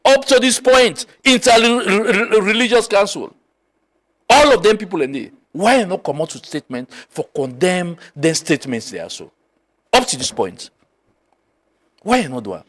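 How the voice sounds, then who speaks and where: A middle-aged man from Sierra Leone with a Krio accent, a political guest telling a story in an animated way, mixing Krio and English. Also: sits high, normal speed. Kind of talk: political talk show discussion.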